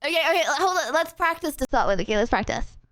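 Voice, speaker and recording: A young woman live-streaming in a chatty, giggly way, her high voice jumping all over the place. She sounds slightly out of breath as she talks to her viewers. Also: sing-song, quick pace, fairly bright tone, no echo, clean studio sound. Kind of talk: casual live-stream chat.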